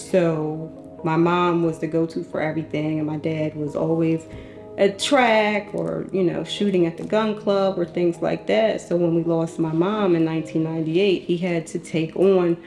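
A woman in her thirties with a very low, mellow voice speaks casually and earnestly in a documentary interview. Her voice carries an echo from the room. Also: steady tone, moderate pace, soft background music. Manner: casual, uses "like" often, earnest. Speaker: interviewee, youngest daughter.

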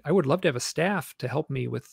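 A man, a guest author, telling stories in an animated, rambling way with many restarts. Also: fairly high pitch, fast talker, vocal fry, husky, dry recording, studio quality. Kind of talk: storytelling interview chat.

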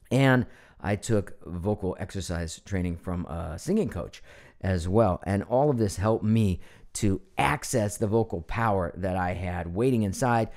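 A middle-aged man teaching voice training in a live online session, animated and demonstrating voices as he explains. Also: fairly low pitch. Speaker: voice coach presenting his online course.

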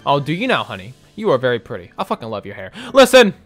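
A man's voice: mid-range voice, wildly swooping pitch, fast, fairly bright tone, soft background music. Crude, giggly man doing let's-play commentary. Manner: crude, giggly, joking, lots of swearing. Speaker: gaming YouTuber reacting to a visual novel.

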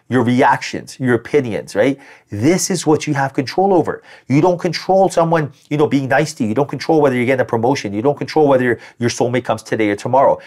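A man's voice: medium pitch, a little mellow. A man giving a tarot reading as spiritual guidance, talking animatedly and acting out quoted voices. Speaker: tarot reader.

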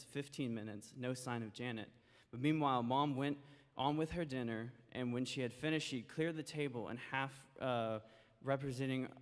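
A man telling a children's story during a church service, in a gentle, folksy way with small stumbles. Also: mid-range voice. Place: church sanctuary. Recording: long church hall reverb.

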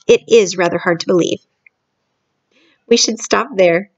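A woman reads a children's book aloud in a gentle, clear storytelling way. Her voice has some gravelly texture. The home recording sounds dull and lo-fi. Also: mid-range voice, a little slow, pauses often.

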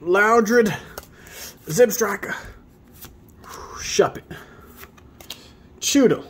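A man hosting a video where he opens trading card packs, reading off each card and breaking into excited high exclamations at the good ones. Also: unhurried, long pauses, a little hiss or hum. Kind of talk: casual pack-opening commentary.

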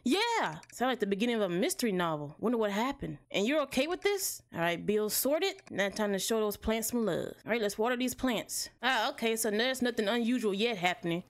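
A woman commenting on a horror game as she plays, chatty with viewers, jumping at scares and swearing loudly. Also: mid-range voice. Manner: jumpy, loud reactions, frequent swearing. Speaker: gaming streamer.

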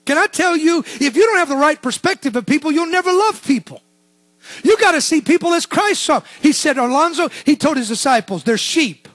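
A man preaching a sermon as pastor, swinging between shouted lines and hushed, low asides. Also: animated, brisk, no room sound.

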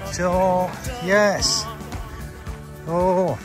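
A man's voice: high voice, fairly even intonation, very slow, over music. A man chatting bluntly while walking his dogs outdoors on a rural property. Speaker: dog breeder. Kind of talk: casual walking vlog.

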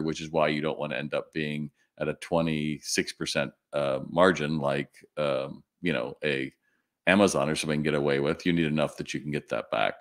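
A middle-aged man hosting a live question-and-answer stream, giving blunt, animated retail advice. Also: extremely low pitch.

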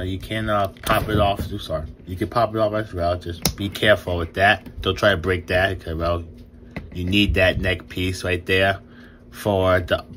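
An excitable young man hosts a casual toy review, tripping over his words and laughing between lines. His voice sits a little low but rings bright and forceful, and a faint hiss runs under it from the phone recording. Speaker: toy reviewer and channel host. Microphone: new phone camera.

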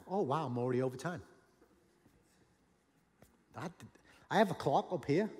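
Pastor, male, fairly high voice, lively sermon delivery, long reverb of a large hall. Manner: animated, acts out Bible dialogue with sudden shouts.

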